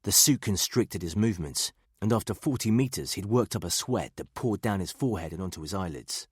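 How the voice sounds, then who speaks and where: Low husky male thriller narrator. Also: expressive, fairly quick, no echo, clean studio sound. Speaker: audiobook narrator.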